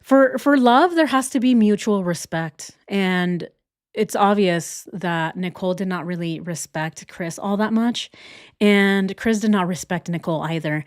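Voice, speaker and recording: A woman's voice: fairly low pitch, darkish tone, no room sound, clean studio sound. Indignant woman reacting to a video. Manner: indignant, rhetorical questions, repeats herself. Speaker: reaction channel host. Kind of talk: casual reaction commentary.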